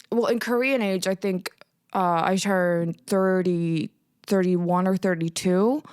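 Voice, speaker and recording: A woman's voice: medium pitch, smooth, no room sound. A thirty-year-old woman hosting her own podcast, rambling emotionally and close to tears, swearing and filling gaps with "um" and "like". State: teary, close to crying. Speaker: podcast host. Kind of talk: casual solo podcast chat.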